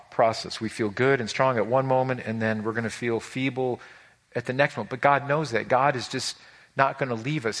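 In an animated sermon, a male pastor speaking at a medium pitch poses questions to his congregation.

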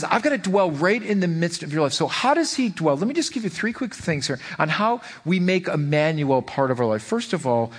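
A middle-aged man, a pastor, preaching a conversational sermon full of personal stories and rhetorical questions, often repeating words as he goes. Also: fairly high pitch.

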